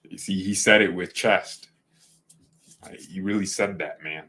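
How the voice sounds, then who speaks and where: A man's voice: low-pitched, steady tone, a little slow, pushed and bright. A man hosting a fan channel in casual livestream chat, rambling, correcting himself and joking. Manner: rambling, self-correcting, jokey.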